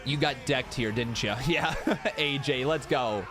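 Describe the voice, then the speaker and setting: A man reacting to wrestling clips in a casual, self-mocking way, often yelping and shouting. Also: medium pitch, a little slow, music in the background. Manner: excitable, yelps and shouts in reaction. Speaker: wrestling YouTuber.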